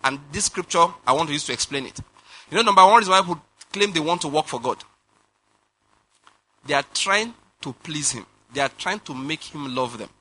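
A man preaching a sermon, animated, laughing and firing rhetorical questions at the congregation. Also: a little high, fairly quick. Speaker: pastor.

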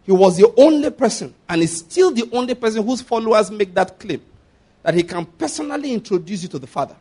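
Preacher guy, high voice, keeps asking if you're following. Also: sing-song, brisk, darkish tone, husky. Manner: emphatic, repeats phrases, asks listeners if they follow. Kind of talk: sermon.

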